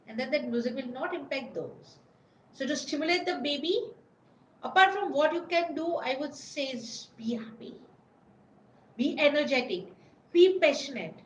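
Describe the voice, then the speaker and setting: A woman's voice: high-pitched, animated, moderate pace, echoey room, slight background noise, low-quality recording. A woman hosting a parenting webinar, answering viewers' questions in an earnest, instructive way. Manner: earnest, instructive, speaks directly to expectant mothers. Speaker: prenatal parenting webinar host.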